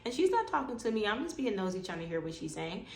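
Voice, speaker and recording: Female vlogger, gravelly voice, mid-pitched, recounts her own story and acts out the dialogue. Roomy echo. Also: quick pace. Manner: animated, acts out quoted dialogue. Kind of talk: personal storytelling. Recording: echoey room with faint background noise.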